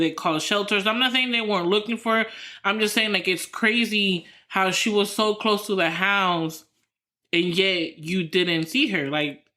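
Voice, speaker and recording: A woman's voice: lowish voice, sharp tone. A woman co-hosting a podcast in casual chat, rambling through her story with lots of fillers and restarts. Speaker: podcast co-host.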